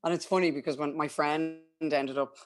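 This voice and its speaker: Irish woman, young adult, animated storyteller acting out the other voices, laughs a lot. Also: low voice, moderate pace, soft background music. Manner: lively storyteller acting out quotes, laughs often. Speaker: podcast guest telling a birth story. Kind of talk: casual chat.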